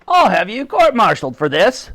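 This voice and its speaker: A man's voice: medium pitch, animated, a little slow, vocal fry. A man playing a blustering old admiral. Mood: raging. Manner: barking orders, loud. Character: blustering old male admiral, bossy and gruff.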